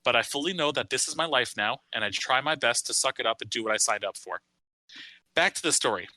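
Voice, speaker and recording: A man's voice: mid-range voice, expressive, brisk, sharp tone, no echo, poor audio. A man in his thirties co-hosting a casual podcast, reading a long online post aloud with wry asides. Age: 30s. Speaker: podcast co-host.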